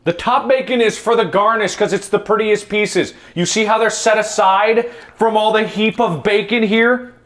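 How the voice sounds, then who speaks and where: A man's voice: high voice, moderate pace, hardly any pauses, a bit bright. A man chatting casually while cooking, explaining steps in an enthusiastic, jokey way.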